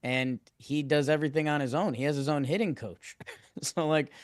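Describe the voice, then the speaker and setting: Smooth-voiced man musing in frustration. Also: on the high side, normal speed, no room sound, clean studio sound. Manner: frustrated, rambling, restarts often. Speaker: podcast co-host. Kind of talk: casual sports podcast chat.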